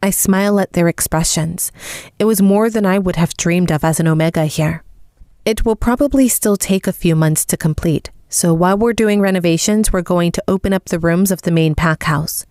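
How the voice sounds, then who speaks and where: Woman, audiobook narration, first person, calm and even, lowish voice, dry close recording. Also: moderate pace, dry recording.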